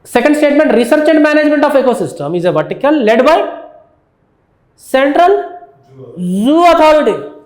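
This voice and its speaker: High-voiced Indian man teaching, echoey room. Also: big pitch swings, fast talker, a little mellow. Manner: repeats phrases, asks students yes or no. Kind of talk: exam lecture.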